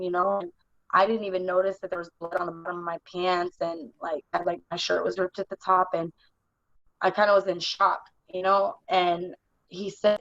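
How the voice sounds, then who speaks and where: A young adult woman telling her own story in conversation, in a halting, earnest way full of "like". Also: on the low side, level tone, fairly bright tone, no echo. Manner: halting, earnest, heavy use of "like". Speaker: interview guest. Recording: dull, dry lo-fi recording.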